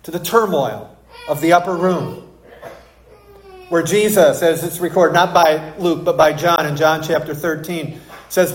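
A pastor reading scripture and then preaching a sermon, telling stories in an emphatic, animated way. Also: male voice, a little high, a little slow. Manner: storytelling, emphatic and animated in anecdotes. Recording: roomy echo.

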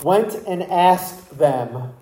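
Slow, emphatic preacher in an echoey room. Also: medium pitch, animated, dark tone. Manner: slow and emphatic, asks the congregation rhetorical questions. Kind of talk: expository sermon.

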